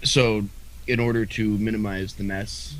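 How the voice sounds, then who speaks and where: Male podcast co-host, lowish voice, rambling and hesitant. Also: fairly even intonation, a little slow, fairly bright tone, poor audio. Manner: rambling, hesitant, restarts often with fillers and occasional swearing. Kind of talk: casual chat.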